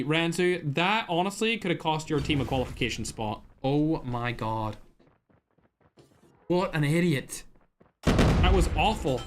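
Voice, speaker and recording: A young man giving live esports commentary as a streamer, excitable and full of exclamations, chatting with his viewers as he calls the action. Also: a little high, a little slow, pauses often, very noisy. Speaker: streamer casting a mobile shooter tournament.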